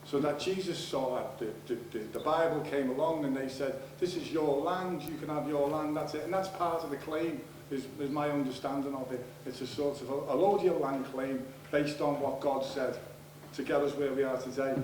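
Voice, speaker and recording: A man with a Liverpool accent speaks up from the audience at a seminar, rambling and restarting, his voice pitched high and his speech getting loud and heated. He stands some way from the microphone, so the room's echo hangs around his words. A faint hum of room noise sits underneath. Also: steady tone, moderate pace, recorded from a distance. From England. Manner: rambling, restarts often, grows loud and angry. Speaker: audience member asking a question. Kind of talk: heated question from the floor at a seminar.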